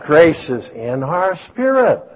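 A man preaching a sermon, swinging from booming exclamations to soft storytelling. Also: big pitch swings, takes it slowly. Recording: dull lo-fi sound.

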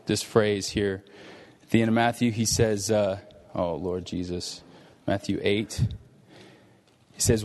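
In a long, reverberant hall, a man with a darkish mid-range voice delivers a conversational sermon, voicing both Jesus and the disciples in quoted dialogue.

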